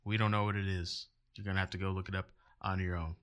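A man hosts a podcast in a jokey, rambling way, often poking fun at himself. His voice is low and fairly bright, with little pitch movement, and he talks fast.

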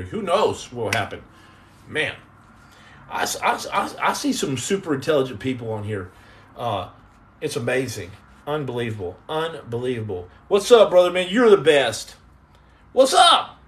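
A man hosting a podcast live stream, casually chatting and joking sarcastically with viewers in the comments. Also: sits high. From United States. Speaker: podcast host.

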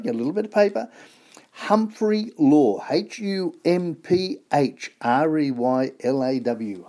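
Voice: medium pitch, warm tone. A host with an Australian accent gives enthusiastic, casual product talk, spelling out web addresses letter by letter.

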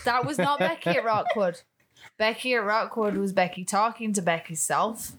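A woman's voice: mid-range voice, moderate pace, a bit bright. Rambling woman telling a story. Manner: rambling storyteller, restarts and swears. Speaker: podcast co-host. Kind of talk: casual chat.

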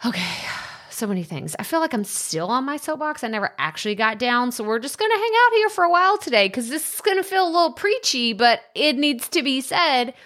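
A woman's voice: sits high, big pitch swings, brisk, fairly bright tone. A woman hosting a solo podcast, chatty and upbeat, laughing often and using lots of fillers. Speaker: podcast host.

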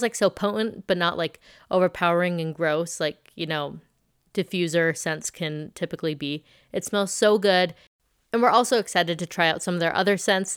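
A woman's voice: fairly low pitch, a bit bright, clean tone, no room sound, studio quality. A woman in her thirties hosting a podcast, chatting casually and reading an ad in an upbeat, bubbly way. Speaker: podcast host. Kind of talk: casual podcast chat with host-read ad.

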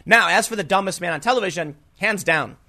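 A man delivering solo political commentary in an emphatic, heated manner. His voice sits a little higher than most men's. He stumbles and repeats words as he presses his points, breaking off into dry, sarcastic asides. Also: fairly quick, sharp tone. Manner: sarcastic asides while reading from an article.

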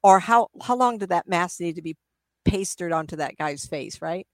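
A woman's voice: on the low side, lively intonation, normal speed, no echo. A middle-aged woman, a psychic medium, chatting in an interview and acting out spirits with gasps and laughs. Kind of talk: casual interview talk.

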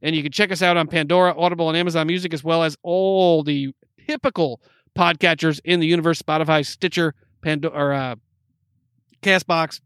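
Excitable high-voiced male podcast host. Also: clean tone, dry recording, clean studio sound. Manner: excitable, joking, rapid listing. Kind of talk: casual sports podcast banter.

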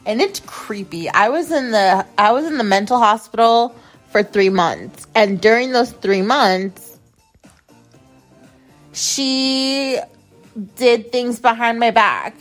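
Over soft background music, a young adult woman hosts a podcast, speaking slowly in a slightly high voice. She tells a personal story in a rambling, blunt, profane monologue, circling back to repeat herself often.

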